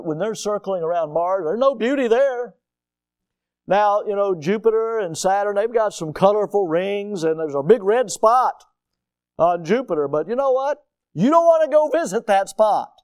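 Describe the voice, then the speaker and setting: An older man preaching a sermon as a pastor, dramatic and swinging from quiet, low lines to sudden loud, high cries for emphasis. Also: animated, moderate pace, smooth, no echo. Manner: dramatic, rising to near-shouts for emphasis.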